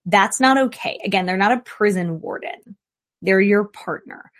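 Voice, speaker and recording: A woman therapist talks through relationship advice in a casual, blunt way. She is emphatic and direct, and she keeps firing off rhetorical questions at a middle pitch. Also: normal speed. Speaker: licensed therapist.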